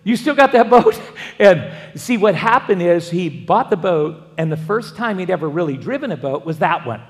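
A man's voice: high voice, lively intonation, moderate pace. A man, a pastor, preaching a sermon and wandering into folksy personal stories with frequent restarts. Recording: long hall reverb.

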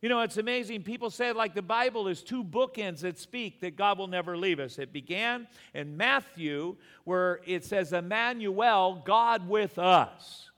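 A man's voice: sits high, lively intonation, moderate pace, hardly any pauses, bright, forceful tone, big-room sound. A man pastor preaching a sermon in earnest, repeating words for emphasis.

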